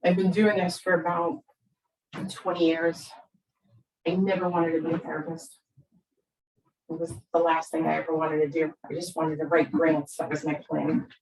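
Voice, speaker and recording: In a low, level voice with a darkish tone, this fifties-aged therapist speaks to parents at normal speed, pausing often. She chats casually, keeps saying "right?", and acts out quotations with big swings in her voice. There's slight background noise, roomy echo, and distance from the mic.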